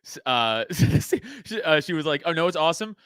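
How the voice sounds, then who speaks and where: A man's voice: a little high, very animated, moderate pace, sharp tone, clear, resonant tone, dry recording. A man from Staten Island co-hosting a podcast, laughing often and swearing in casual banter. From Staten Island, New York. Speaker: podcast co-host.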